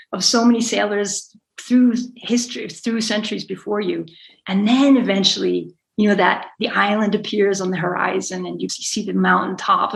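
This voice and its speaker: Gravelly-voiced woman sailor talking. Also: mid-range voice, poor audio. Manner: rambling, self-correcting, laughs often. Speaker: guest, sailor and author. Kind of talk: conversational interview.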